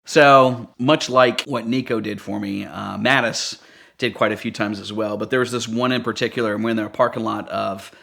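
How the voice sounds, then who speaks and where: A man who works as a police dog handler, telling stories in a casual, animated, wry way and acting out the dialogue. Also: lowish voice, normal speed, gravelly. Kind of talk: casual anecdotal storytelling.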